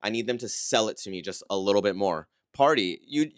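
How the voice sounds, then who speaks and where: A man giving a casual, conversational livestream breakdown of dance routines, critical but encouraging and often checking in with a quick "right?". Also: fairly low pitch, expressive, no echo, clean studio sound. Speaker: dance competition analyst.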